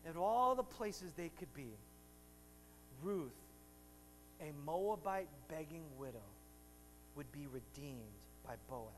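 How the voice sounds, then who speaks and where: A man's voice: on the high side, expressive, slow pace, pauses often, big-room sound, slight background noise, low-quality recording. A man preaching a sermon to his congregation in a church, bantering with them and rising to emphatic preaching. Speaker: pastor. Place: church sanctuary.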